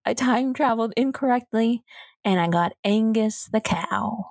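Woman on a gaming podcast going off on a rant, kinda high voice, dry close sound. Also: measured pace, gravelly, no echo. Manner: animated, ranting complaints. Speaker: podcast co-host. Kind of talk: casual gaming chat.

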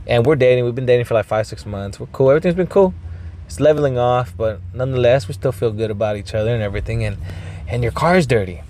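A man hosting a podcast, telling a rambling story with lots of swearing, throat clearing and bits of Spanish. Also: mid-range voice, fast, warm tone, a little hiss or hum. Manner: mixes in Spanish phrases. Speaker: podcast host. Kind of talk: casual storytelling monologue.

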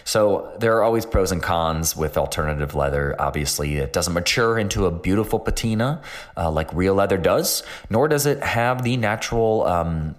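A man with a deep, low voice talks through his subject in an easygoing, unscripted way. He hosts the show and rambles a little, leaning on ums and likes and poking fun at himself now and then. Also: expressive, moderate pace. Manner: rambling, filler-heavy, self-mocking. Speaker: podcast host. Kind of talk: casual explanatory talk.

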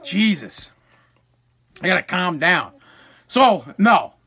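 Guy ranting on his podcast, swears a lot, bright edgy voice, gets worked up. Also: high voice, takes it slowly, husky. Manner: profane, excitable, exaggerated. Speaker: podcast host. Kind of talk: comedic solo podcast rant.

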